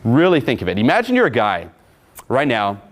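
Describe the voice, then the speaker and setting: A man's voice: mid-range voice, huge pitch swings, a little fast. A young man giving casual, profane coaching talk about dating, with a swaggering tone.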